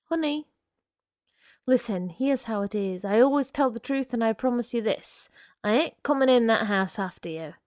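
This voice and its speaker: A woman voicing a sinister young man who coaxes and threatens a girl in a slow, insistent drawl. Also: a little high, expressive, a little mellow, no room sound, studio quality, natural voice. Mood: coaxing menace. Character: sinister smooth-talking young man, menacing suitor.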